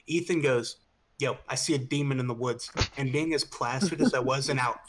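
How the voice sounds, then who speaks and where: A man's voice: medium pitch, a little fast. A young man co-hosts a casual podcast stream and tells a long, rambling party story. He swears freely, restarts his sentences and laughs along with his friends. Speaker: podcast co-host.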